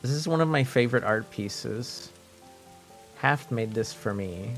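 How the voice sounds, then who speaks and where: Male streamer from French Canada, unhurried delivery, playful, rambling chat that loops back on itself. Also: mid-range voice, faint music behind. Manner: rambling, joking, repeats himself. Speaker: live streamer.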